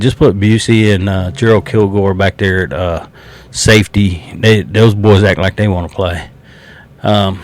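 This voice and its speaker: A man from South Carolina with a Southern accent, talking football as a fan in a blunt, swearing, laughing casual way. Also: on the low side. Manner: blunt, swears freely, laughs between remarks. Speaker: sports fan podcaster.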